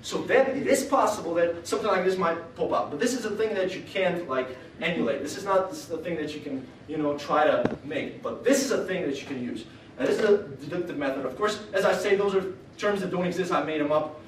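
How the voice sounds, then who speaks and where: A man's voice: high voice, animated, fast talker, recorded from a distance, a little hiss or hum. Rambling young man in echoey hall. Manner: rambling, laughing, filler-heavy. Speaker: speaker. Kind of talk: humorous talk on stage. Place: lecture hall.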